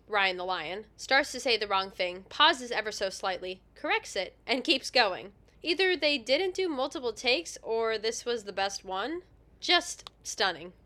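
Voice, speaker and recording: Bright-voiced woman co-hosting a podcast. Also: fairly high pitch. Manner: laughs often, self-deprecating. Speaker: podcast co-host. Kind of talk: casual podcast chat, reading a recap.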